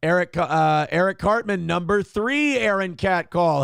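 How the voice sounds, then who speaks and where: A man hosts a live show and reads viewer messages out loud. His voice sits a little high and has a gravelly edge. He lifts for each message and sinks into low, deadpan comments after it, all heard close and dry with no room sound. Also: measured pace, dry recording. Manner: reads messages in a raised voice, then drops into low wry asides. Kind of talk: casual live-stream chat.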